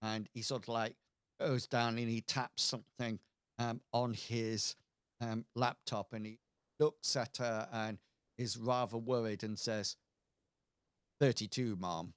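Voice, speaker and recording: Brief: male game master, slow and halting delivery, smooth voice, dry close sound. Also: mid-range voice, level tone, no room sound. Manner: hesitant, many fillers and restarts. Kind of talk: narrating a tabletop game.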